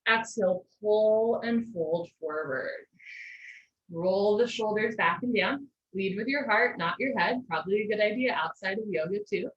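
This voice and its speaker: A woman teaching a live online yoga class, giving steady posture cues with gentle encouraging asides. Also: mid-range voice, unhurried. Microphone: video call. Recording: echoey lo-fi video call audio.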